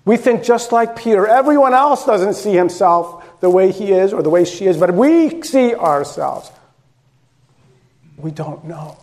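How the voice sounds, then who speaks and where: A man's voice: high voice, animated, unhurried, a little mellow. A male pastor preaching a sermon in a conversational, direct way, repeating phrases for emphasis.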